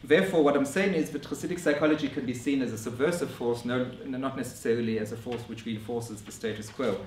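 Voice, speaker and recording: A man giving a scholarly conference lecture in a measured way, often restarting his phrases. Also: medium pitch, slight background noise. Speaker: academic lecturer. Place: lecture room. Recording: roomy echo from a distant mic.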